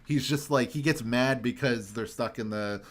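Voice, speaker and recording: A man's voice: medium pitch, moderate pace, fairly bright tone. A young man hosting a podcast in casual chat, ranting animatedly and swearing for emphasis. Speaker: podcast host.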